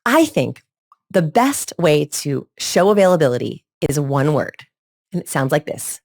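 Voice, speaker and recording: A woman speaking as a body language expert guest in a podcast interview, animated and demonstrating vocal tones. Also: low voice, measured pace.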